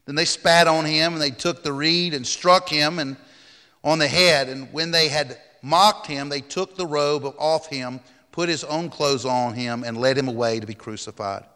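A man's voice: fairly high pitch, moderate pace, bright, forceful tone, in a large hall. A man pastor preaching a sermon, reading scripture aloud dramatically and raising his voice on the quoted cries.

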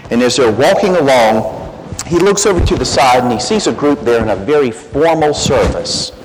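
A man speaks from a church pulpit, his voice ringing in a long reverb with faint hiss underneath. His pitch rises and falls freely as he jokes in a folksy, self-deprecating way. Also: lively intonation, normal speed. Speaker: guest speaker from the Gideons. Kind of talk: church talk opening with a joke. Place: church sanctuary.

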